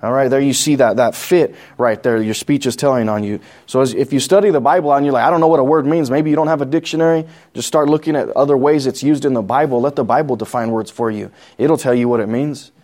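A man's voice: mid-range voice, fast talker, few pauses, a little mellow. A man with a New Mexican accent teaching a Bible study sermon, reading scripture aloud and explaining it plainly with questions to the congregation. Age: adult. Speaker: pastor.

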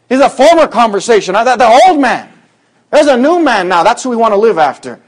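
A man preaching a conversational sermon to a congregation, acting out quoted voices in sudden loud bursts. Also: very high voice, very animated, a little fast.

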